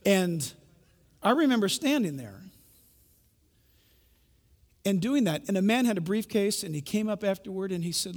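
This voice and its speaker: A man preaching a sermon, telling stories with animated swings from loud bursts to hushed tones. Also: high-pitched, normal speed, long pauses, big-room sound. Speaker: pastor.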